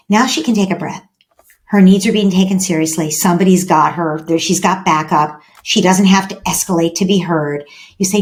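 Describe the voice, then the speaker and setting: Female expert guest, lowish voice, steady and explanatory, interview setting. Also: moderate pace. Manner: calm, explanatory, acts out quoted dialogue. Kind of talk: podcast interview.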